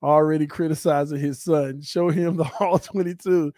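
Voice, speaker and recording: A man's voice: a little high, fairly even intonation, normal speed, dark tone, dry recording, studio quality. A man from Florida hosting a casual sports talk livestream, joking and trash-talking as he reads the chat aloud. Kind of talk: casual live-chat banter.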